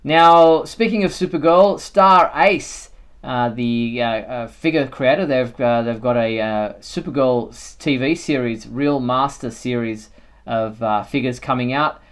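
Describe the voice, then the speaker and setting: A man's voice: mid-range voice, unhurried. Man hosting a chatty fan show. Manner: relaxed, thinking aloud with many fillers. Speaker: host. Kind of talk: casual fan chat on a live show.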